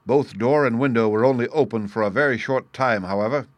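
A man's voice: medium pitch, no room sound, close to an everyday voice. A man reading a precise, assured detective. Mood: explaining. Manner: measured, assured, explanatory. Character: sharp, precise male detective, middle-aged. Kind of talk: audiobook character reading.

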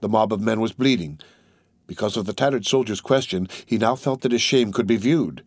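A man's voice: fairly low pitch, fairly quick, husky, no room sound. Man reading an audiobook, dry sound. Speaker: narrator. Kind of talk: audiobook narration.

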